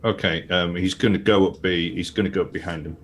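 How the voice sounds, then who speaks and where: A man's voice: sits low, fairly even intonation, fast talker, fairly bright tone, a little hiss or hum. A man playing a tabletop game, describing his character's moves as he thinks aloud. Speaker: player. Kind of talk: casual tabletop play.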